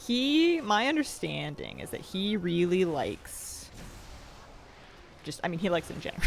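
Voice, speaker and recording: This game streamer sounds animated yet a little slow, with a creaky, somewhat bright mid-range voice and slight background noise. They read viewers' questions aloud while playing, laughing often as faint game music plays.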